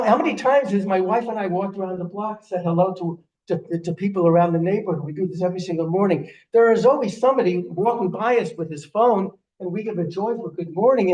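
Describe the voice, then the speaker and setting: The audio is dull and echoey, with the speaker far off: an older rabbi with a warm, high voice delivering a sermon in a synagogue sanctuary. He tells his stories earnestly, stopping and restarting his words many times.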